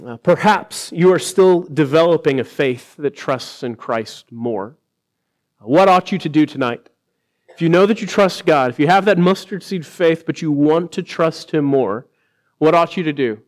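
A man preaching a sermon, his voice sitting a little high. He speaks earnestly, slowing down to stress his points and lifting his voice when he quotes others. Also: expressive. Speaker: pastor.

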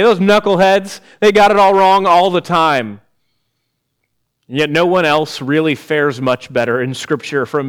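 A man's voice: mid-range voice, smooth. Middle-aged guy preaching, gets worked up and emphatic, laughs a bit in between. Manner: animated, laughing asides, rising to emphatic peaks. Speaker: pastor. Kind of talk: sermon.

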